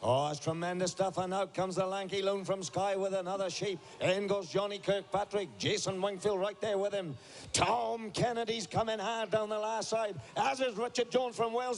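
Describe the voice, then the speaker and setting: Male commentator, high voice, colorful, lively play-by-play. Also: moderate pace. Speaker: shearing commentator. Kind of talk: live sport commentary.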